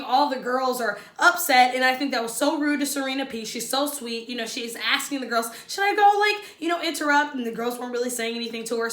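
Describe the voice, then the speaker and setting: Woman vlogger, high and bright, sassy, talks right at viewers. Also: roomy sound. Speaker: reality show recap vlogger. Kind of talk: casual opinionated recap.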